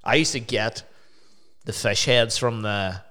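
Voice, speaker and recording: A man's voice: on the low side, a little slow, bright, forceful tone. A man with a Northern Irish accent hosting a casual chat, telling sweary anecdotes with laughter.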